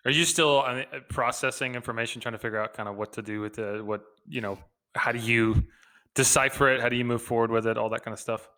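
A man's voice: mid-range voice, steady tone, quick pace, pushed and bright. A man co-hosting a podcast, chatting casually in an upbeat way with many fillers over a video call. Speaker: podcast co-host.

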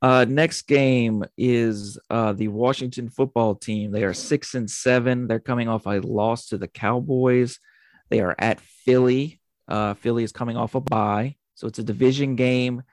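A man's voice: mid-range voice, fairly even intonation, a little slow, no echo. A man in a casual sports chat, methodically listing matchups and odds. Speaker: co-host reading game lines.

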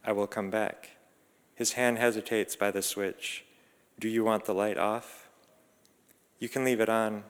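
A man reading a reflective first-person story in a calm, measured, introspective way. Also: lowish voice, clear, resonant tone. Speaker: narrator. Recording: long reverb.

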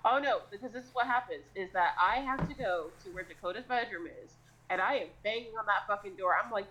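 Crude, lively woman podcaster. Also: mid-range voice, a little fast, poor audio. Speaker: podcast co-host. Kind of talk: casual comedic storytelling.

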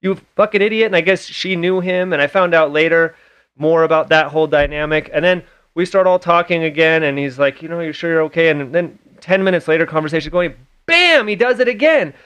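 A man's voice: fairly high pitch, a little fast, fairly bright tone, clean tone, muffled recording. A man hosting a podcast, telling a personal story candidly and swearing freely in casual conversation. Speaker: podcast host.

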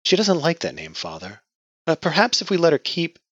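A man's voice: medium pitch, very animated, brisk, sharp tone, husky, no echo, highs cut off, pitched above the performer's own voice, exaggerated voice. A man voicing a timid, eager-to-please young woman who stammers and hesitates.

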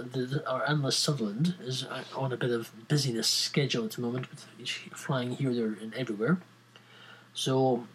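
A man's voice: medium pitch, slightly rough, poor audio. A man hosting a podcast on his own, chatting casually in a rambling, jokey, self-mocking way. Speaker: podcast host. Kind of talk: casual solo podcast chat.

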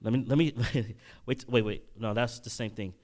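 A male preacher giving a sermon-style lecture, often restarting his phrases and building to loud, emphatic bursts. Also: mid-range voice, moderate pace. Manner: repeats and restarts while reading quotes aloud.

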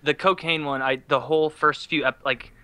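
A man in casual chat, excitable and swearing casually. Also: a little high, moderate pace, clear, resonant tone.

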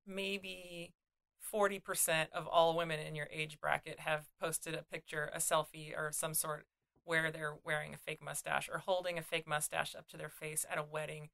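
A woman's voice: deep voice, little pitch movement, normal speed, creaky, a bit bright. A young woman from California co-hosting a casual podcast chat, blunt and sardonic. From California, USA. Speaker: podcast co-host, comedian.

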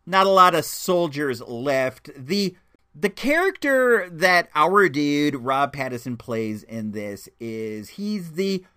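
A man's voice: fairly high pitch, big pitch swings, slow, pushed and bright. A man reviewing a movie in a casual, chatty way, rambling with many restarts. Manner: enthusiastic, chatty.

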